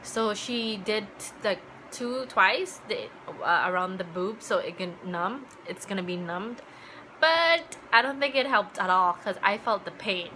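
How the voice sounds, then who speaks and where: Bright-voiced young woman, chatty vlog storytelling. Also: mid-range voice, lively intonation, measured pace, slight background noise, rough recording. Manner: chatty, full of "like" fillers, acts out remembered dialogue. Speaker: vlogger. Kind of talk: casual personal storytelling.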